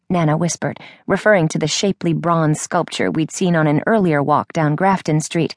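A woman with a lowish voice reads a first-person audiobook with a wry, dry sense of humor. The recording is close and dry, with no room sound. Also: normal speed, darkish tone, no echo. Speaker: audiobook narrator. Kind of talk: scripted first-person narration.

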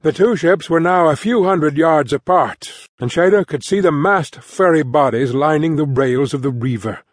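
A man reading fantasy fiction as an audiobook narrator in even, measured storytelling on a close studio mic. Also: on the high side, no echo. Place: dry studio booth.

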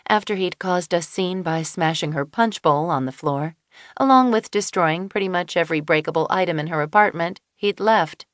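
A woman narrating an audiobook in a measured way, with dry inner asides. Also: on the low side, dry recording. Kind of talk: scripted narration. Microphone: close studio mic.

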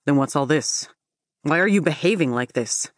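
Woman doing a stern, suspicious man, lowered voice. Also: animated, moderate pace, no room sound, clean studio sound. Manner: stern, interrogating. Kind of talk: audiobook character voice.

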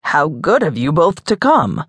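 A woman's voice: sits low, sing-song, a little slow, husky, dry recording, pitched below the performer's own voice, exaggerated voice. A woman doing a prim, disapproving society mother. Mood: gushing. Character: stern wealthy society mother, older woman.

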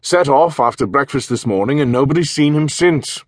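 Audiobook figure, man voicing upper-class English major, throaty, pompous, husky, dry sound. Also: medium pitch, animated, moderate pace, dry recording, pitched above the performer's own voice, natural voice. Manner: pompous, patronizing.

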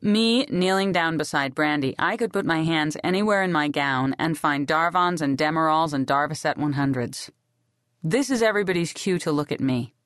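A woman narrating a novel in the first person in a sardonic, deadpan way. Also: low-pitched, moderate pace, dry recording, studio quality. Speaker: audiobook narrator.

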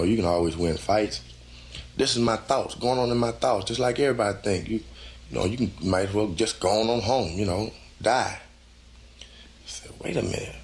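A man giving a live spoken testimony in folksy, loose conversational phrasing, acting out his own inner voice by going higher and louder.

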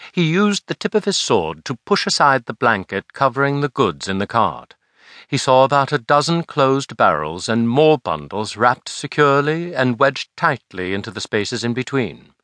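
Expressive male audiobook narrator. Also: medium pitch, normal speed, no room sound, clean studio sound. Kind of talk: scripted narration of a historical novel.

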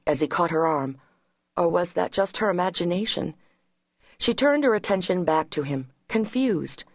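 Low-voiced woman narrating an audiobook. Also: no echo, studio quality.

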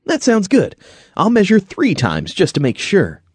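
Sensible, friendly young boy in an audiobook, high and bright, voiced by a male narrator. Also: huge pitch swings, unhurried, husky, no room sound, exaggerated voice. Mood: cheerful. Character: thoughtful, polite young boy, good-natured. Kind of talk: audiobook character voice.

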